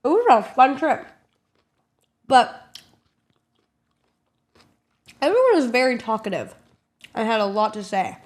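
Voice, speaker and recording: A young woman streamer telling a casual story to her chat, animated and swearing a lot. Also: a little high, unhurried, pauses often. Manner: animated, swears a lot, acts out loud kids.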